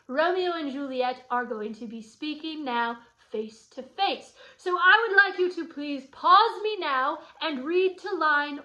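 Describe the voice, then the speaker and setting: Bright high-voiced woman teaching playfully. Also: poor audio. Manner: playful, chatty asides to students. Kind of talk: guided study lesson.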